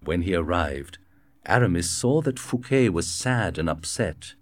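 A man reading a storybook aloud in a slow, clear narration. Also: low-pitched, expressive. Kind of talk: scripted narration.

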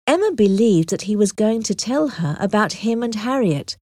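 A woman narrates a story as an audiobook, clear and expressive. Her pitch moves widely through each sentence. The sound is close and dry. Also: normal speed, no echo.

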